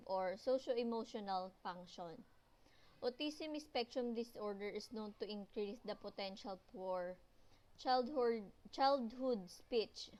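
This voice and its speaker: A young woman reads out a class presentation at a slow, careful pace. Her voice sits at an ordinary pitch, and she halts now and then to restart a word before carrying on. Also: a little mellow, rough recording. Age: young adult. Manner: halting, restarts words while reading. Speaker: student presenter.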